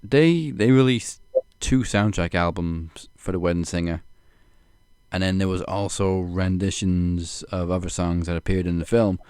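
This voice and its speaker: A man as a podcast guest in a casual film chat, calmly sharing trivia with fillers. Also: deep voice, a little slow, clear, resonant tone. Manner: relaxed, lists trivia with fillers and laughs.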